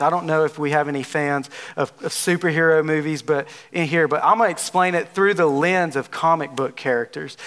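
A man's voice: on the high side, fairly bright tone. A man pastor giving a casual, joking sermon, talking with the congregation. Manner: playful, conversational, jokes with the audience.

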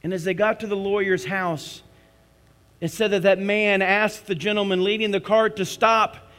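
A man preaching a communion sermon as a pastor, swinging between passionate cries and hushed prayer. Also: high-pitched, steady tone, moderate pace. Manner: impassioned storytelling, rising to cries then hushing to prayer.

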